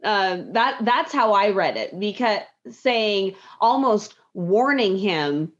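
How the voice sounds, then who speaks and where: A woman's voice: medium pitch, animated, takes it slowly. A woman co-hosting a podcast in casual chat, agreeable and thinking aloud as she talks. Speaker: podcast co-host. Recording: dull lo-fi sound.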